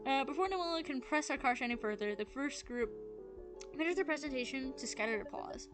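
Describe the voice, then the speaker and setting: Let's play host, woman, casual reader, slightly high voice, game music behind. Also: animated, fairly quick. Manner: casual, with fillers and restarts. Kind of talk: reading a visual novel aloud with commentary.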